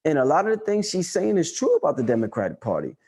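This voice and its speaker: A New man chatting casually on a livestream, loose and profane, repeating himself for emphasis. His voice sits a bit high but sounds dark and mellow. He swings from low mutters to excited peaks. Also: fast, husky. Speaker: livestream host answering chat.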